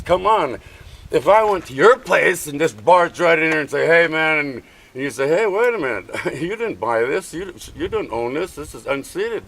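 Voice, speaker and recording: A man's voice: a little high, gravelly, low-quality recording. Impassioned man arguing at a camp. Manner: impassioned, pleading, repeats himself. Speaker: First Nations chief. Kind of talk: heated face-to-face argument. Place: outdoor protest camp.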